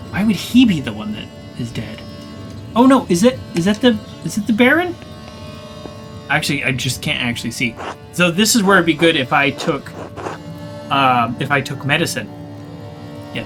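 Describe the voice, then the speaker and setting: A gamer giving let's play commentary, thinking aloud and often sounding confused while reading the game's text aloud. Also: mid-range voice. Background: game music.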